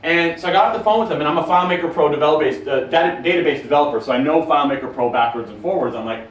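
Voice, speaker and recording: Barely pausing, a man with a slightly high voice rattles along very fast as he takes audience questions in a conference room. He's casual, blunt and profane, with a joking tone, and the sound is roomy and distant with faint noise.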